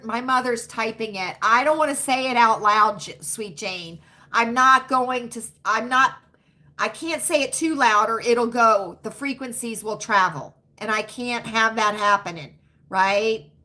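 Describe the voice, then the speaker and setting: A woman in her fifties from the United States, hosting a casual livestream and talking straight to her chat with drawn-out, emphatic asides. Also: a little high, sharp tone. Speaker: livestream host.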